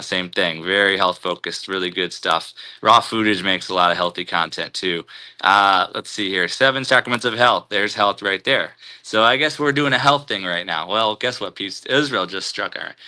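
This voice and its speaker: A man's voice: fairly low pitch, bright, forceful tone, clean tone. A man hosting a casual live stream, greeting viewers and rambling loosely through spiritual musings.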